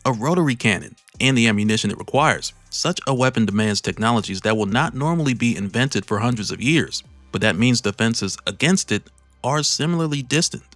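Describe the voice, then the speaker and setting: A man's voice: medium pitch, a bit bright, no echo, lightly acted. A man reading the lines of an imperious armored villain monarch in a grand, formal, commanding way. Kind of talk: read-aloud comic narration.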